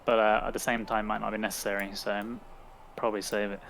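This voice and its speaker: A man playing in a tabletop game, speaking in a measured, slightly hesitant way. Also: on the low side, level tone, a loud crowd. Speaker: player. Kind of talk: casual tabletop game chat.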